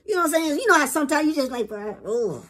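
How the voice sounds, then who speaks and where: A woman's voice: high voice, very fast, a bit bright. A woman vlogger giving a rambling, profane opinion rant to camera in casual street slang.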